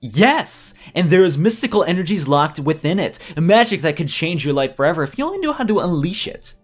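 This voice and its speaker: A man voicing a smug, theatrical, wealthy villain duelist who speaks in a mocking, drawn-out way. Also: fairly high pitch, big pitch swings, pitched above the performer's own voice. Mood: taunting.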